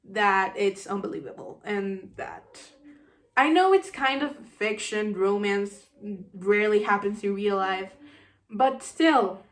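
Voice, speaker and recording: A woman giving an animated, sarcastic book review, acting out the scenes she criticizes. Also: medium pitch, takes it slowly.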